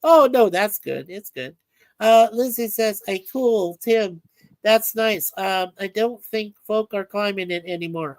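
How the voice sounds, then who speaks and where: A woman's voice: medium pitch, expressive, measured pace, a little mellow, dry recording. A woman co-hosting a livestream, chatting casually and reading viewer comments aloud with frequent filler words. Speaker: livestream co-host.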